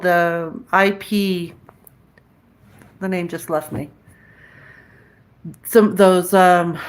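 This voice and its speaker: Slow, chatty livestream woman. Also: lowish voice. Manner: chatty, reads and answers viewer comments aloud; frank, cusses casually. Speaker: livestream host chatting with viewers. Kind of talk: casual live-chat talk.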